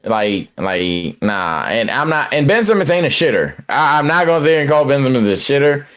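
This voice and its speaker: A man co-hosting a laid-back sports podcast on a headset. He talks in an animated, slangy way and often stammers and restarts before making his point. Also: mid-range voice, normal speed. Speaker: podcast co-host. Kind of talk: casual sports chat.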